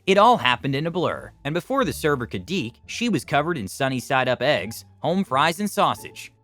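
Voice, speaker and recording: A man narrating online stories in a scripted, animated and expressive way, adding his own comments. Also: fairly high pitch, normal speed, soft background music. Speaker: story narrator.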